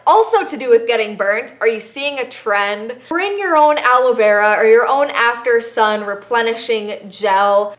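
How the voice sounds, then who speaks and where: A woman's voice: sits high, a bit bright, echoey room. A young woman in her twenties giving travel tips in a chatty, playful vlog with emphatic asides. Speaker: vlogger.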